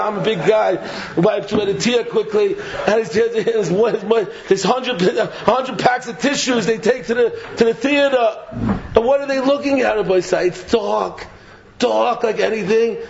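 A man giving a Torah sermon, animated and mocking, laughing through his points, throwing out rhetorical questions and repeating himself. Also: high voice, unhurried, vocal fry. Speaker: Torah teacher. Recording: dull lo-fi recording.

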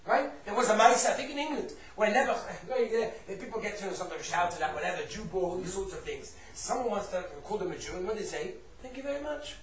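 A man giving a Torah class, telling stories in an animated way, sprinkling in Yiddish and Hebrew terms and bursting into loud emphasis. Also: high-pitched, quick pace, few pauses, a crowd in the background. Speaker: Torah teacher. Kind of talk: lively storytelling Torah class. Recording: roomy echo, distant mic.

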